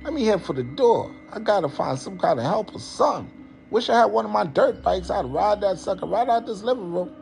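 A man playing a panicked young male rapper fleeing a party, talking in a frantic, high-strung ramble. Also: expressive, a little fast, vocal fry, darkish tone, a little hiss or hum. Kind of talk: comedy skit impression.

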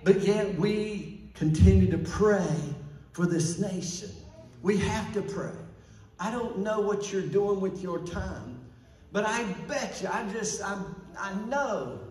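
A pastor preaches a fervent sermon in a church sanctuary, his voice sitting high, animated, slow and a little mellow. He calls out to the congregation for responses, recorded from far off with church echo.

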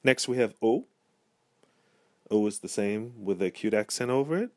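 A man teaching a pronunciation lesson, saying each letter and word slowly and repeating it twice. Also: fairly low pitch, animated, dry recording. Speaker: language teacher.

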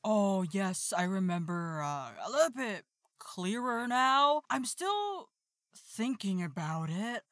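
A woman's voice: mid-range voice, sing-song, takes it slowly, no room sound, clean studio sound, pitched below the performer's own voice. A woman voicing a young cleric who feigns sickness and stalls with hesitant, vague answers. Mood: evasive.

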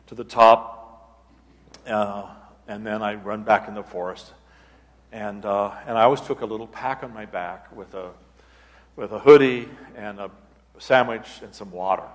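A man, an abbot, telling a personal story at a retreat talk in an unhurried, halting way, often restarting his phrases. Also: on the low side. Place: church hall. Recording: long reverb of a large hall.

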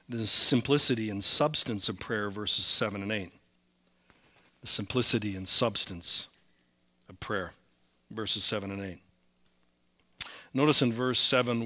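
A male senior pastor preaching a sermon, animated, rising in volume when he reads scripture and slipping in self-deprecating asides. His accent is Upper Midwest American. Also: lowish voice. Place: church sanctuary.

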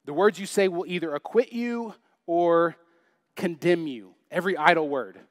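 A man's voice: on the high side, normal speed, no room sound, clean studio sound. A young adult man preaching a sermon in church, chatty and joking, full of rhetorical questions. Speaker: pastor.

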